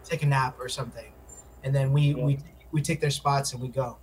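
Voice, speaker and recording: A man's voice: mid-range voice, fairly even intonation, brisk, a little hiss or hum, low-quality recording. A man playing a tabletop game, laying out a plan step by step with casual fillers. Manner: lays out plans step by step with fillers. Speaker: player.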